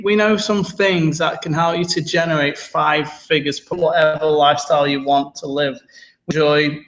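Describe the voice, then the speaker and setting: A man's voice: fairly high pitch, a bit bright, dull audio. A man co-hosting a live online sales webinar, chatty and casual, with frequent fillers and jokey asides. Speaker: webinar co-host.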